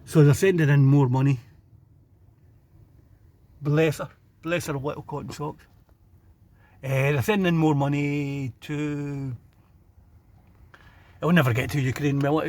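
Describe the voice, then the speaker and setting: A man's voice: mid-range voice, steady tone, a little slow, pauses often, a little mellow. A man with a Glasgow accent, chatting sardonically to camera about the street he is filming. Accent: Scottish, Glasgow. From Scotland. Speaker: vlogger. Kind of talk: casual rant while filming a street. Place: outdoors by a city road.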